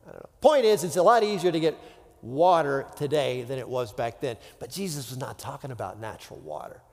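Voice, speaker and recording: A man's voice: medium pitch, lively intonation, brisk. A man preaching a casual, conversational sermon as a pastor, with rhetorical asides and frequent restarts. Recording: long hall reverb.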